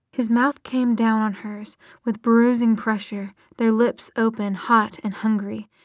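A woman narrating a romance novel in a soft, breathy whisper. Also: fairly high pitch, no echo, clean studio sound.

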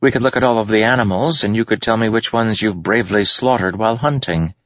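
A man voicing an eager, flattering young noblewoman. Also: lowish voice, fast, no echo, dull audio, pitched above the performer's own voice, natural voice.

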